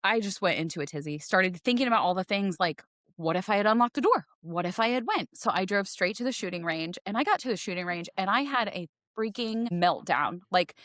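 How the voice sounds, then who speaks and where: A woman in her forties telling a personal story in a casual podcast chat, animated and acting out voices as she goes. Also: mid-range voice, fairly quick, dry recording, clean studio sound. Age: 40s. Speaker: podcast guest, realtor.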